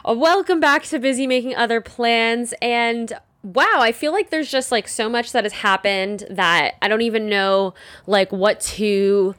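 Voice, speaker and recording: A woman's voice: fairly high pitch, unhurried, a bit bright. A young woman hosting her own podcast, chatting casually and rambling with frequent fillers. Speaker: podcast host. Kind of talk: casual solo podcast chat.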